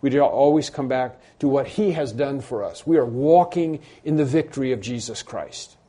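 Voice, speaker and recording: Brief: male pastor, warm mellow tone, teaching sermon, loose and conversational, punches key words. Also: medium pitch, normal speed, husky. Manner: conversational preaching with frequent fillers and restarts; rises to emphatic bursts on key points. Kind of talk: expository sermon.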